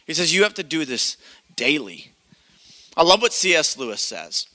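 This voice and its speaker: A pastor in his thirties preaches to his congregation, telling a story in an animated way and slipping into the voices of the people in it. His voice is very bright and a little high. The sound rings with the long reverb of a church hall. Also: moderate pace. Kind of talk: sermon with personal story.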